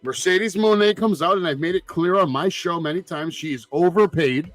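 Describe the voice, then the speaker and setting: A slightly high-pitched man, swearing freely and building his stories into loud, worked-up rants. His voice is dry and close, with faint music underneath. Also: normal speed, dry recording. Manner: loud, profane storyteller, gets excited and shouty. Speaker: podcast co-host. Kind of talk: casual chat.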